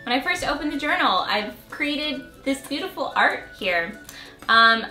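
A woman's voice: a little high, animated, measured pace, bright, forceful tone, echoey room, soft background music. A woman in her late twenties, a vlogger who casually reads from her childhood diary and keeps breaking into giggles. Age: late 20s. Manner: giggly, laughs between lines.

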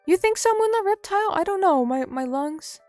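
On her live stream, a young woman with a bright, high voice answers her chat in a playful, self-mocking way, sounding animated and brisk. The recording is dry, with soft music humming faintly behind her.

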